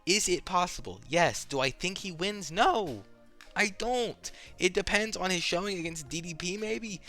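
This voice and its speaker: A man's voice: high voice, expressive, normal speed, bright, forceful tone, faint music behind. A young man ranting casually as an MMA commentator, rambling, opinionated and swearing often.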